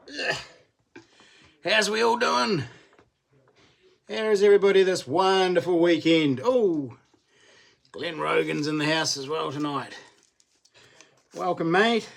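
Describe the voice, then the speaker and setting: Chatty New Zealand man, higher voice. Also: slow pace, creaky, pauses often. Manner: chatty and matey, greets viewers by name, laughs often. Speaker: livestream host. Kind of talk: casual live-stream chat.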